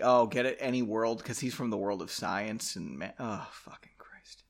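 A man's voice: on the low side, moderate pace, creaky. A man hosting a podcast, reading his own novel aloud and drinking as he goes, breaking in with sarcastic, profane, self-mocking asides. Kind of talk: comic read-aloud with asides.

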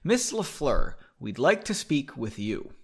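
A man's voice: medium pitch, sing-song, unhurried, creaky, husky, full character voice. Man reading as stern council leader. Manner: commanding, loud.

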